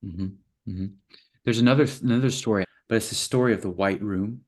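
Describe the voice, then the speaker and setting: A man, interview guest, telling parables in a relaxed conversation and acting out little voices for the characters. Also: lowish voice, fairly quick. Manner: playful, acts out little voices in his parables. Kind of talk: storytelling in conversation.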